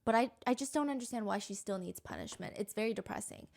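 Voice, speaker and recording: Brief: woman, podcast narrator, somewhat high voice, earnest and critical, scripted delivery. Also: quick pace, gravelly, a little mellow. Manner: earnest, judgmental commentary on clips. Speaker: true-crime podcast narrator.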